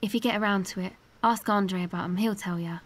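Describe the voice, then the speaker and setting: A woman voices a streetwise young woman in a video game, guarded and defiant. Her answers come out blunt and evasive, at an ordinary middle pitch. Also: steady tone, fairly quick, slight background noise, natural voice. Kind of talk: game dialogue.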